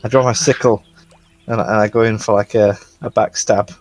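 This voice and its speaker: A man's voice: lowish voice, little pitch movement, brisk, no room sound. A man playing a tabletop role-playing game, describing his character's actions with stammering restarts. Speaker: player. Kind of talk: tabletop game play, casual.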